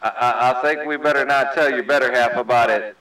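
A man's voice: mid-range voice, brisk, sharp tone. A man hosting a casual CB radio chat, making friendly jokes and using radio lingo. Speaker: CB radio host. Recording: roomy CB radio audio heard from a distance.

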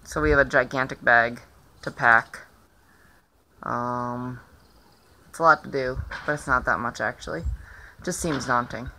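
A woman chatting casually in a vlog, rambling along with lots of filler pauses, filming herself on a phone outdoors. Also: extremely low pitch, sharp tone, a little hiss or hum. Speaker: vlogger. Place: outdoors in the sun.

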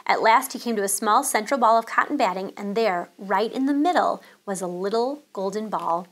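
A woman teacher reading a children's chapter book aloud, calm and expressive. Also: mid-range voice, moderate pace.

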